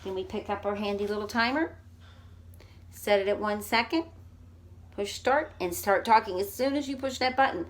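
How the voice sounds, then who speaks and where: A woman's voice: mid-range voice, moderate pace, a little hiss or hum. Woman teaching speech drills. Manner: clear, exaggerated drills of sounds. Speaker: speech therapist. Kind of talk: instructional demonstration.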